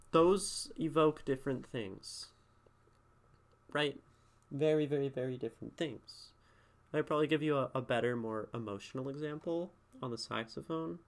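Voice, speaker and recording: A man's voice: medium pitch, vocal fry, fairly bright tone. Man casually talking through a poem. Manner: conversational, thinks aloud with many fillers and "right?" tags. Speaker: streamer critiquing poetry. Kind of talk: casual spoken critique.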